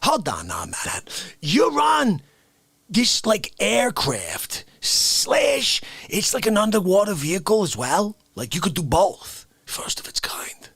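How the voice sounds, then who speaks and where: Man doing a fed-up old-school New Yorker in a comedy bit: bright, husky, lively rant, shouting then whispering. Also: high voice, takes it slowly, no room sound, exaggerated voice. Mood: indignant rant. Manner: ranting, exasperated, jumps from shouts to hushed whispers. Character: indignant old-school Bronx man scolding about respect.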